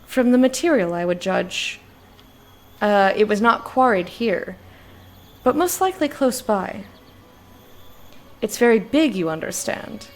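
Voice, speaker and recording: A woman's voice: medium pitch, expressive, measured pace, long pauses, soft background music. A woman reading game dialogue aloud as a formal, literal-minded robot servant. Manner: stiff, literal, polite, says "mistress".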